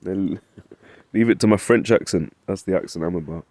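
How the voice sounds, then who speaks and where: Low-pitched and darkish in tone, this man speaks at normal speed with no room sound at all. He's a Bible teacher running a relaxed study, chatting, tossing in "right?" often, and reading passages aloud in archaic language.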